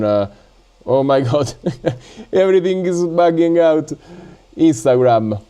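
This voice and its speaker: A man with an Italian accent talks casually on a drone-building livestream, stopping and restarting with fillers. His voice sits fairly high for a man but sounds dark and mellow. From Italy. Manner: halting, with many fillers and laughs. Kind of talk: casual live-stream chat.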